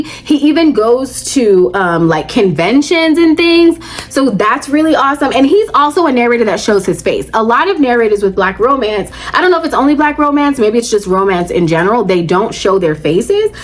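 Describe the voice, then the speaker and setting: A woman's voice: on the high side, expressive, normal speed. A woman vlogging about audiobooks in a casual chat, gushing and chatty, calling her viewers "child" and "baby".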